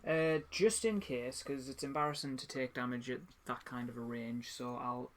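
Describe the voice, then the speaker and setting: A man's voice: mid-range voice, steady tone, normal speed, fairly bright tone. A man playing a tabletop game, hesitantly checking each move with his opponent. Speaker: player. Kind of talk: casual chat over a tabletop game. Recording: faint background noise.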